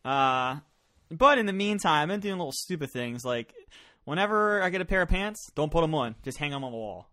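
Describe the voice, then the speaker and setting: A man's voice: on the high side, expressive, a little fast, sharp tone. A man co-hosting a casual gaming podcast, teasing and laid-back, swearing casually. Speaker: podcast co-host.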